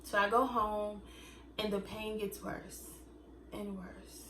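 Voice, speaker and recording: A woman's voice: medium pitch, little pitch movement, slow pace, fairly bright tone, distant mic. A young woman vlogger in casual storytime chat, chatty and acting out quotes in other voices. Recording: echoey room, faint noise.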